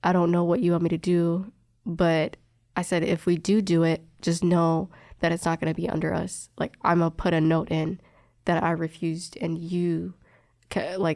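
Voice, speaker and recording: A woman's voice: on the low side, normal speed, no room sound, studio quality. Chatty young woman telling a story. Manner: animated, acts out quoted dialogue, many fillers. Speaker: respiratory therapist telling a story. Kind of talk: casual storytelling chat.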